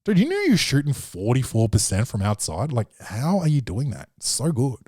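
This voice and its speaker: A man hosting a comedy podcast from his own studio, rambling and swearing as he riffs. His voice sits at an ordinary pitch for a man. The sound is dry and close, with no room echo. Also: huge pitch swings, moderate pace, warm tone, slightly rough. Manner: rambling, profane, jokey, slips into quoted voices. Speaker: podcast host. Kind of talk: comedic film-review podcast rant.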